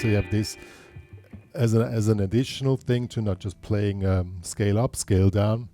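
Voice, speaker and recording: A man's voice: lowish voice, fairly even intonation, moderate pace. A man teaching a guitar lesson, explaining patiently step by step and counting beats aloud.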